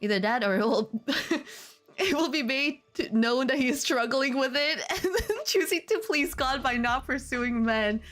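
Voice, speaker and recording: A woman's voice: high-pitched, expressive, unhurried, a bit bright. A young woman hosting a comedic fanfic read-through, dropping incredulous, laughing asides between passages. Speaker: host reading fanfic aloud. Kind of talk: comedic reading and commentary.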